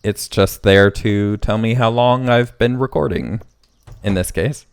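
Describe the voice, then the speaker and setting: Low-voiced man rambling over game music. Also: a little slow, gravelly, clear, resonant tone. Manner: rambling, thinks aloud with restarts. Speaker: gaming channel host. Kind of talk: casual let's play commentary.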